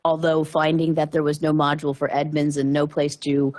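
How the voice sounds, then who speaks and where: A woman's voice: deep voice, monotone, brisk, darkish tone. A woman official at a borough council meeting who answers questions in a formal, reassuring way and often restarts her sentences.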